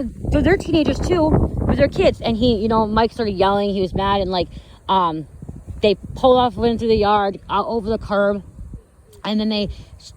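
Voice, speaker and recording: A woman's voice: mid-range voice, background noise. A young woman telling a story to her viewers, in a rambling way with lots of "okay" and "you guys", filmed on a phone while she walks along a street. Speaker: vlogger. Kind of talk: casual vlog story. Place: outdoors walking on a neighborhood street.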